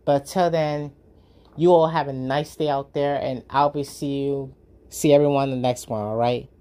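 A woman's voice: very deep voice, fairly even intonation, normal speed, mellow. A woman hosting a reaction video, ranting with profane indignation.

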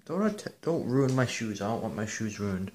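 A man's voice: on the low side, big pitch swings, moderate pace, a little mellow, a little hiss or hum. A man at home, filming and talking playfully to his kitten in a doting way. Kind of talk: casual talk to a pet. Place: at home, indoors.

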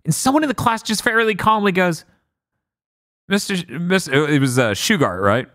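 A man hosting a podcast, telling stories in casual chat, blunt and quick to swear. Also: sits high, expressive, fairly bright tone, dry recording, studio quality. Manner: storytelling, blunt, swears freely. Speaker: podcast host.

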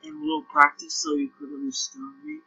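A man's voice: extremely high pitch, flat delivery, fairly quick, gravelly, sharp tone, lo-fi sound, a little hiss or hum. Young Norwegian-accented guy, puzzled game commentary. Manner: puzzled, thinking aloud, repeats himself. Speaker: gameplay commentator. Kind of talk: casual gameplay commentary.

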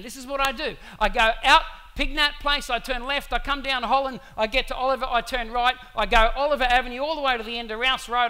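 A man preaching a sermon, telling a story in an animated way with asides to the congregation. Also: very high voice, clear, resonant tone. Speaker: pastor.

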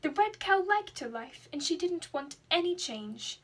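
A woman's voice: very high-pitched, measured pace. Young woman reading a storybook aloud. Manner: expressive, dramatic read-aloud. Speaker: student reader.

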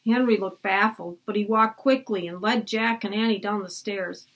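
A woman's voice: steady tone, moderate pace, fairly bright tone. A woman reading a children's chapter book aloud, lifting her voice for the children's lines and dropping it for the narration. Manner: lifts her pitch for the children's lines and drops low for the narration. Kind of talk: read-aloud storytelling.

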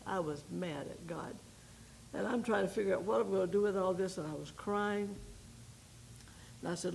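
An older woman, a missionary, giving a folksy personal testimony to a women's group, telling her story with pauses and repeated starts. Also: fairly low pitch, creaky, darkish tone, slight background noise, low-quality recording. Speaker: missionary speaker.

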